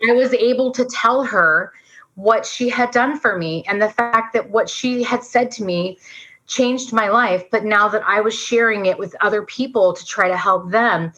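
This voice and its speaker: Fast-talking earnest woman guest. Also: medium pitch, fairly bright tone. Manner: fast, earnest, says "like" a lot. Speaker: podcast guest. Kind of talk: emotional storytelling. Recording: dull lo-fi sound.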